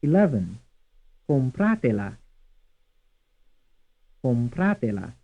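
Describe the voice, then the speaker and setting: Guy reading a language drill real slow, husky voice, tinny old tape sound. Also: mid-range voice, big pitch swings. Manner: reads words twice, evenly paced. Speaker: language course narrator. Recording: tinny, phone-like old course audio.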